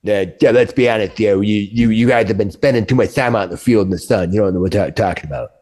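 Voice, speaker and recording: A man's voice: fairly low pitch, quick pace, darkish tone, lightly acted. A man voicing a chatty male kobold camp worker who talks in broken grammar. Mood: gossipy.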